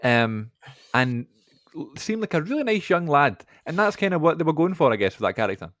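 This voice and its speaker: A man's voice: on the high side, very animated, brisk, fairly bright tone, no echo, clean studio sound. A man co-hosting a podcast, telling self-deprecating anecdotes in casual film chat. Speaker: podcast co-host.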